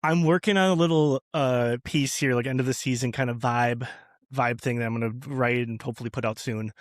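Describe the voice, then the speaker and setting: Male podcast guest, casual storyteller, loose and rambling, mid-pitched, dry recording. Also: fairly even intonation, fairly quick, no echo. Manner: rambling storyteller, many restarts and fillers.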